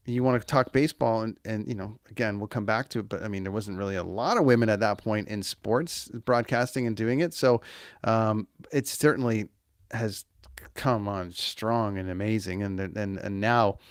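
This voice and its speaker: A man's voice: on the low side, normal speed, clear, resonant tone, dry recording, studio quality. A man from small-town Ontario hosting an interview podcast. He rambles in a casual way with lots of fillers and restarts. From small-town Ontario, Canada. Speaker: podcast host.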